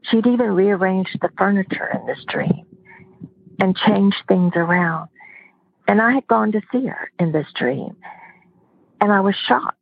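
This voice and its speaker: A woman's voice: medium pitch, measured pace, gravelly, long pauses, slightly rough, dry recording. A middle-aged woman earnestly telling a personal story, sometimes dropping to a whisper, on a phone-like recording. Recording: dry phone-like line.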